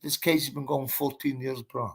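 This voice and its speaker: A man's voice: mid-range voice, little pitch movement, normal speed, gravelly, breathy edge. Blunt, swearing man. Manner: blunt, swearing, emphatic, calls listener mate and bro. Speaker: boxer telling his story as guest. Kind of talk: casual storytelling interview.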